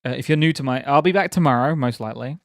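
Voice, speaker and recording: A man's voice: mid-range voice, fast talker, no echo, studio quality. A young man chatting casually on a live stream, rambling, laughing often and teasing viewers.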